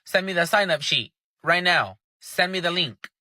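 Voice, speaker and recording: A man launches into a furious, profane rant full of sarcasm. His voice is bright and tense, and it sits dry and close with no room around it. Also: high voice, animated, normal speed, no room sound. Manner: sarcastic, furious, swears heavily. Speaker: commentator.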